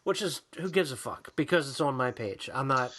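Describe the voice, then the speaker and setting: Ranting bright-voiced man, swearing freely. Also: mid-range voice, animated, moderate pace. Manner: ranting, swears a lot, mocks people in put-on voices. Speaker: podcast co-host. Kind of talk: casual profane chat.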